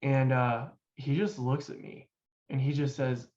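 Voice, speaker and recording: Brief: young adult male guest, casual halting storyteller, middle pitch, dull lo-fi recording. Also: little pitch movement, darkish tone. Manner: loose and halting, with many fillers. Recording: dull lo-fi sound.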